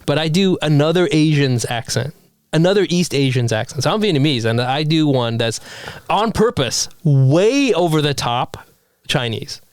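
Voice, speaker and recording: A man hosting a comedy podcast, talking in a relaxed, casual way, full of fillers and quick reactions. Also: on the high side, dry recording.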